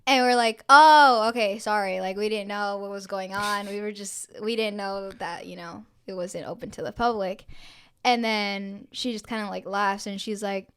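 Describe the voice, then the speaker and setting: A woman's voice: medium pitch, steady tone, moderate pace, clear, resonant tone. A young woman co-hosting a podcast, telling a story in a casual chat. She swears freely and acts out the lines of the people in it. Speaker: podcast co-host.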